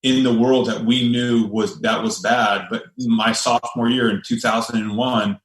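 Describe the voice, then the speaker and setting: A man in his forties from the United States, a guest and army veteran, telling his story in a measured, steady way with some restarts. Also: medium pitch. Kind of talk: personal storytelling. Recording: echoey room.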